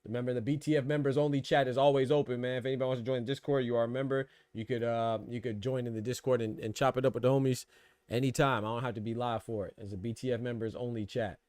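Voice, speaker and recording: A man hosting a boxing podcast live stream, casual and slangy, trash-talking his chat and laughing loudly. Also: mid-range voice, little pitch movement, fast talker, clear, resonant tone, no room sound.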